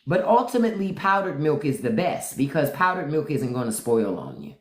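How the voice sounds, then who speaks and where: Profane ranting livestream host, lively pitch, roomy echo. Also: fairly quick. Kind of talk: unscripted live-stream commentary.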